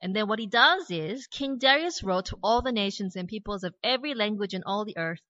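An Australian woman preaching a sermon, retelling a Bible story with lively storytelling and casual asides. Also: mid-range voice, brisk, few pauses, no room sound. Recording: dry, slightly dull recording.

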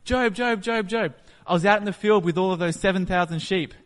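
A man voicing a panicked male servant who rushes in with disaster news, frantic and breathless. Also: a little high, fairly bright tone, big-room sound, close to an everyday voice. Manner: frantic, breathless, repeating the name.

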